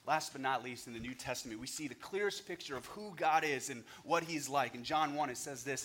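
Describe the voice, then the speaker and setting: Bright-voiced man preaching earnestly. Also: on the high side, animated, fairly quick, few pauses, slightly rough. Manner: earnest, scripture-quoting delivery. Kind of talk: competitive sermon. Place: church stage.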